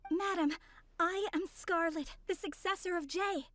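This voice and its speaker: A woman's voice: very high voice, unhurried, music in the background. A woman voicing a composed, polite young woman of mystery in a dubbed video game.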